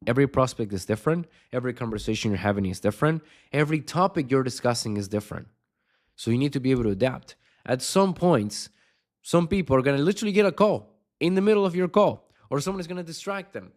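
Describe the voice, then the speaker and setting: A man's voice: mid-range voice, darkish tone. A man coaching on sales in an unscripted video lesson, blunt and swearing constantly, with punchy emphatic delivery.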